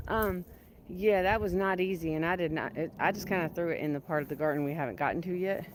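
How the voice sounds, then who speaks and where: A woman's voice: lowish voice, quick pace, a little hiss or hum. A woman chatting casually to the camera while she works in her outdoor garden. She talks to herself in a joking, exclamatory way. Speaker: gardening vlogger.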